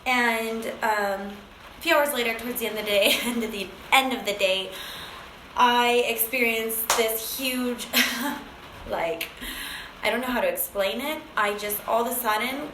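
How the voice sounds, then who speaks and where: A woman's voice: on the high side, moderate pace, reverberant, background noise. A woman sharing an emotional personal story, acting out phone calls with many fillers. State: briefly tearful.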